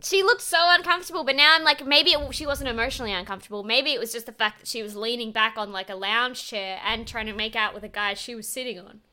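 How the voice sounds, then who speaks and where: Bright-voiced young woman, chatty and animated. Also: fairly high pitch, fast, hardly any pauses. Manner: animated, laughs often, acts out quotes. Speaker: podcast co-host. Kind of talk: casual chat recapping a reality show.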